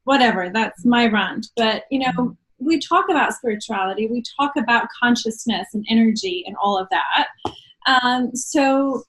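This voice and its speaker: A woman's voice: a little high, normal speed, fairly bright tone, poor audio. A woman host asking rambling, chatty questions in an interview. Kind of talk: conversational interview.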